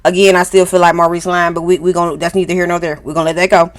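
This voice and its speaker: A woman hosting a casual reality TV recap, telling it in a sassy, animated way and acting out what people said. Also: lowish voice, very fast. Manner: sassy, animated storytelling, acts out quotes. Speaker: host.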